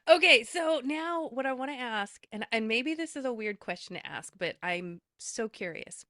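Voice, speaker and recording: A woman hosting a casual podcast interview, eager and curious, quick to agree with her guest. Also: on the high side, expressive, fairly bright tone, no echo, clean studio sound. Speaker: podcast host.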